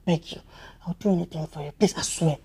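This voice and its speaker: A man's voice: a little high, steady tone, fairly quick, gravelly, mellow, husky, heavily acted. A man with a Nigerian accent playing a besotted husband who stammers, pleads and dotes on his wife in a Nollywood movie. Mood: begging. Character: besotted hen-pecked husband, soft and begging. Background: background music.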